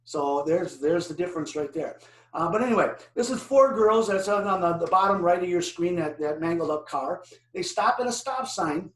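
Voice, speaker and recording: An older man presenting driver safety, telling animated stories and putting questions to his audience. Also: high voice, moderate pace. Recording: echoey room, distant mic.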